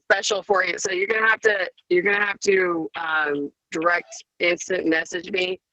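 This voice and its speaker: A woman trading coach speaking on a group call, emotional and hesitant, with many pauses. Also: lowish voice, fairly even intonation, sharp tone, no room sound. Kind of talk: casual talk on a group call. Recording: dry, dull, lo-fi sound.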